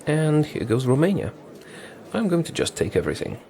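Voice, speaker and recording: A man's voice: fairly high pitch, huge pitch swings, a little fast, gravelly, dark tone, a little hiss or hum. A man giving casual commentary on his strategy game, thinking aloud, talking to his units and correcting himself as he goes.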